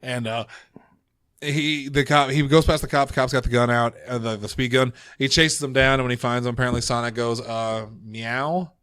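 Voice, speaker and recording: A man co-hosting a podcast in a loose, rambling chat, dropping sarcastic asides. His voice sits at an ordinary middle pitch. The sound is close and dry, with no room around it. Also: steady tone, brisk, fairly bright tone, clean tone, dry recording. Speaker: podcast co-host. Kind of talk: casual chat.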